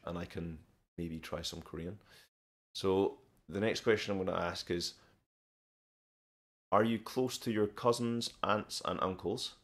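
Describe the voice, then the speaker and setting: A Scottish man chats on his live stream in a very deep voice. He answers viewers one by one, relaxed and unhurried, stopping often to restart his sentences. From Scotland. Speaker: live stream host teaching English and learning Korean. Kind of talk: casual live stream chat.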